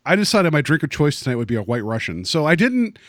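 A man's voice: fairly high pitch, big pitch swings, fast, no room sound. Chatty man with a dry close voice. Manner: chatty, joking, lots of fillers and restarts. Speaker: podcast co-host. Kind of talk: casual movie discussion.

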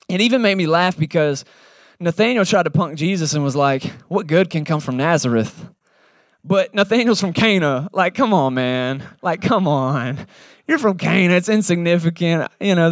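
A man preaching a casual sermon, acting out the Bible characters in quick shifting voices. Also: fairly high pitch, no room sound, studio quality. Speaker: pastor. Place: church service in a cinema.

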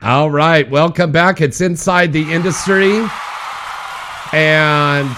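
A man hosting a talk show, introducing his guest with gushing, animated enthusiasm. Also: a little high, takes it slowly, background noise. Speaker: show host.

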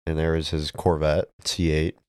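A man's voice: very deep voice, little pitch movement, normal speed, a little mellow, clear, resonant tone. A man co-hosting a podcast, chatting casually and reading out news details with filler words. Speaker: podcast co-host. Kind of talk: casual chat.

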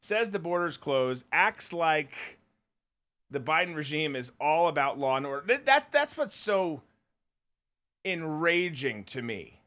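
A man's voice: a little high, sing-song, measured pace, sharp tone. A man co-hosting a podcast, ranting bluntly and sarcastically in political commentary. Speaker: podcast co-host.

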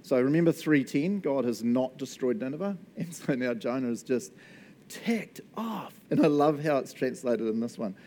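A man's voice: mid-range voice, lively intonation, normal speed, warm tone, a little hiss or hum. A man with a New Zealand accent preaching a sermon in a jokey manner, laughing often. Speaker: pastor.

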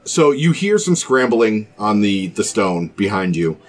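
Man, game master, low voice, hesitant, lots of ums. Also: big pitch swings, a little slow. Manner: hesitant, many fillers. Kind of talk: narrating a tabletop game.

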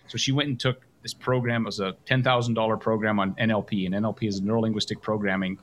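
A man's voice: fairly low pitch, little pitch movement, fast talker, a bit bright, a little hiss or hum. A man hosting a coaching call, talking with energy and emphasis and acting out example phrases. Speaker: coach and host.

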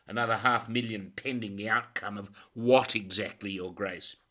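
A man's voice: on the low side, fairly even intonation, moderate pace, bright, forceful tone. A man voicing a pompous male church president who speaks formally and turns threatening. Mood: sombre.

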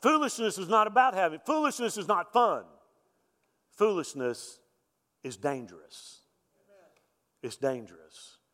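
A man's voice: high voice, sing-song, unhurried, pauses often, fairly bright tone. A middle-aged man, preaching a sermon in a conversational way and often repeating his words as he goes. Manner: conversational preaching with frequent word repetitions. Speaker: pastor. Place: church sanctuary. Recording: echoey church hall.

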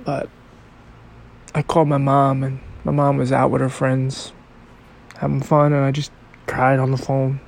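Podcast guy telling his own story, slow and halting, kinda gravelly voice, emotional. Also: medium pitch, monotone, a little mellow, a little hiss or hum. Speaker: podcast host. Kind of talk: personal storytelling.

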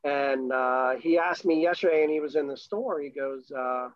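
A man's voice: mid-range voice, normal speed, no room sound. A man in his thirties from Florida telling a long, enthusiastic, rambling story in casual chat. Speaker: sailor and new father telling a story. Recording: dull lo-fi recording.

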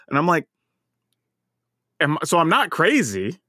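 A man's voice: a little high, very animated, fast, a bit bright, dry recording, studio quality. A man from the American South with a Southern US accent, co-hosting a podcast in a chatty, storytelling way and laughing often. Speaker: podcast co-host. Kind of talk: casual podcast chat.

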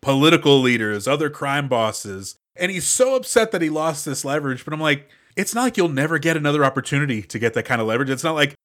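Excitable man with a raised voice. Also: on the high side, fast talker, few pauses. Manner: enthusiastic, excitable fan. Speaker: podcast co-host. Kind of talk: casual movie discussion.

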